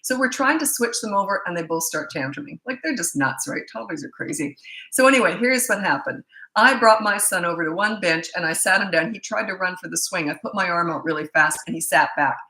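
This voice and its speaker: A middle-aged parenting coach who hosts her own channel gives a casual Q&A monologue full of anecdotes. Her voice is on the low side with lively intonation, and she is blunt and chatty, with frequent "anyway" asides and quick laughs. The recording is bright and echoey.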